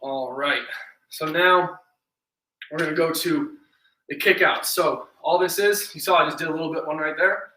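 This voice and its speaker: An encouraging male fitness coach leads a streamed class, counting down exercises and cheering people on while slightly out of breath. His voice is crisp and bright, sitting a touch high for a man. He sounds set back from the mic in a room with a noticeable echo. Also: moderate pace, slight background noise. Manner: upbeat, encouraging, counts reps aloud. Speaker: fitness instructor. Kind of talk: live-streamed workout class. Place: indoor room, home workout stream. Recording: echoey room, distant mic.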